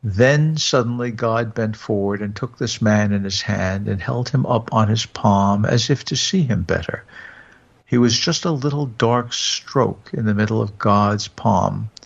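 Gravelly-voiced man narrating a story. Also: lowish voice. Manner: measured, storytelling. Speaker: audiobook reader. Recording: dull lo-fi recording.

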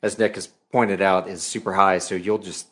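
A relaxed man chatting casually as host. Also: deep voice, normal speed. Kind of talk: casual chat.

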